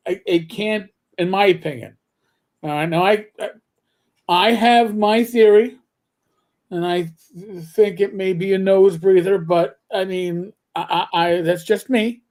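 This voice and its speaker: A man co-hosting a casual chat, who talks very slowly and haltingly. He keeps restarting his sentences as he works his way toward a point. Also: high voice. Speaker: co-host.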